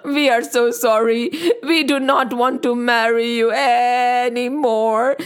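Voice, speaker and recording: A woman's voice: a little high, fairly even intonation, takes it slowly, clean tone. A woman doing cowardly squabbling demon kings. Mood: groveling. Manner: frightened, squabbling, then boastful. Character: two panicky cowardly male demon kings.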